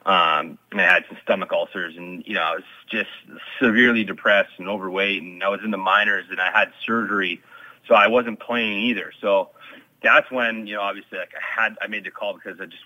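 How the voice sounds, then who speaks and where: A man's voice: lowish voice, steady tone, brisk, bright, forceful tone, dry recording, poor audio. A former pro hockey player in his thirties, telling his story in an interview with many fillers and restarts.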